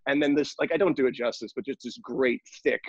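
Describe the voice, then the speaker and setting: A man co-hosting a podcast rambles through joking stories at a middle pitch. The dry recording sounds a little dull and lo-fi. He talks in a loose, casual way. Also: fast talker, no echo. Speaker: podcast co-host.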